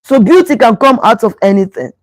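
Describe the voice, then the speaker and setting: A woman's voice: fairly high pitch, very animated, a little fast, no room sound, low-quality recording. A middle-aged woman pastor, preaching about relationships emphatically and repeating phrases to drive them home. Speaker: pastor and show host.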